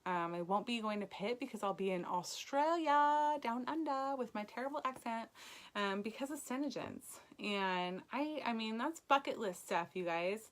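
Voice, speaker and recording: A woman's voice: a little high, lively intonation, normal speed. A woman leading a direct-sales team, giving a chatty motivational live video talk with lots of ums. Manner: encouraging, chatty, frequent ums.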